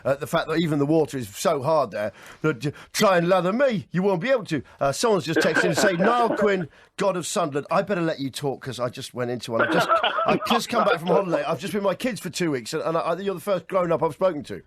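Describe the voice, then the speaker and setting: A high-voiced man hosts a breakfast radio show, leaping around his pitch as he spins rambling, self-mocking anecdotes full of false starts. His voice is close and dry in the studio. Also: expressive, fast, a bit bright, no echo. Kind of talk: chatty radio banter.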